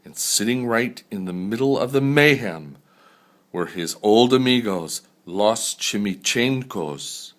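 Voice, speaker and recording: Brief: grandfather reading a storybook, slow and low. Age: older. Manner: unhurried, expressive storybook reading. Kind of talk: reading a picture book aloud.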